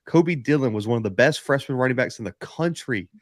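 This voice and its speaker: A man's voice: medium pitch, lively intonation, a little fast, no echo. Man, podcast co-host, emphatic football analysis, dry close sound. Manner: emphatic, builds arguments in repeated phrases. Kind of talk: casual sports analysis.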